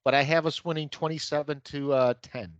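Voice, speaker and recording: A man co-hosting a casual sports podcast, measured and giving his predictions with small laughs. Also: on the high side, steady tone, dry recording. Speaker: podcast co-host. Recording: muffled lo-fi mic.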